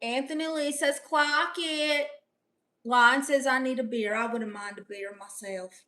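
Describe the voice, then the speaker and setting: A young woman on a live stream reads out viewer comments and answers them with brash, sassy comebacks. Her voice sits high and bright, with a sharp, forward edge. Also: steady tone, a little slow.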